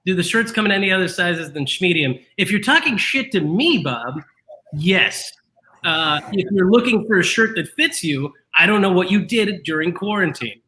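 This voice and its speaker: A man hosting a live podcast, joking quickly and laughing often. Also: high-pitched, animated, pushed and bright, rough recording. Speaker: podcast host.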